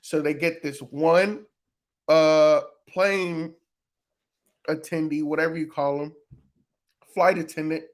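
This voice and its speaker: A man talks through a TV episode in a loose, unscripted recap. His voice sits a little higher than most men's, and he is casual and profane, with plenty of fillers. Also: steady tone, takes it slowly, pauses often. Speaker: reaction video host.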